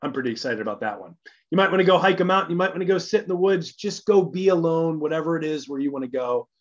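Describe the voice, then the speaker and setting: A pastor talks through plans in a casual midweek church message, sounding eager and conversational as he thinks aloud. His voice sits a little higher than most men's. The recording is muffled and lo-fi, as if captured in a small study. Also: lively intonation, fast talker. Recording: dull lo-fi recording.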